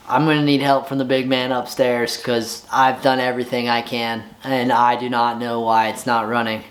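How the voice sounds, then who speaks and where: Male vlogger, middle pitch, exasperated and excitable, rambles about his bike in a home garage. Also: normal speed, slight background noise. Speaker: home motorcycle mechanic. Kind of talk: casual vlog.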